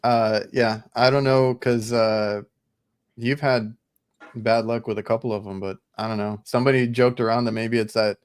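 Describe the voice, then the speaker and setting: A man co-hosting a podcast, an HVAC technician chatting in a relaxed, easygoing and slightly hesitant way. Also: medium pitch, normal speed, clear, resonant tone. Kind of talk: casual chat.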